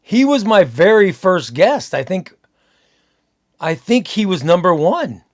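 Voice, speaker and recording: A man's voice: high-pitched, big pitch swings, takes it slowly. A man hosting a casual live stream, chatting loosely, repeating himself and reading out viewer comments. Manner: rambling, repeats himself, reads out chat comments.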